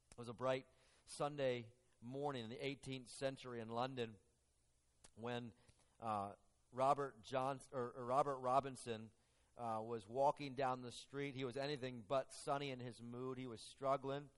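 A man preaching a sermon and telling a story, earnest and halting, often restarting his phrases. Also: mid-range voice, steady tone.

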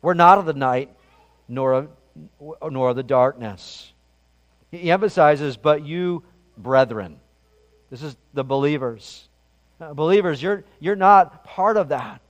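Middle-aged male pastor, slightly high voice, conversational sermon, long hall reverb. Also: measured pace. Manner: conversational storytelling preacher with frequent restarts.

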